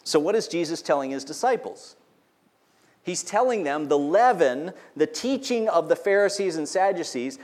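With a higher-pitched, lively voice at a moderate speed, a man preaches as pastor. He teaches from scripture and keeps asking the congregation questions.

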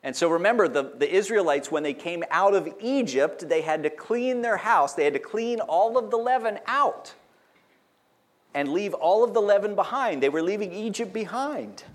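A man's voice: high-pitched, expressive, moderate pace. A man preaching a sermon as pastor, explaining scripture and asking the congregation questions. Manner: teaching, asks the congregation questions.

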